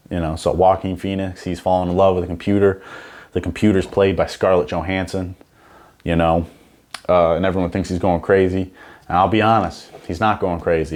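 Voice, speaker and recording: A man's voice: low voice, darkish tone. A young man hosting a comedy podcast, rambling and profane in a casual monologue, full of "you know what I'm saying.".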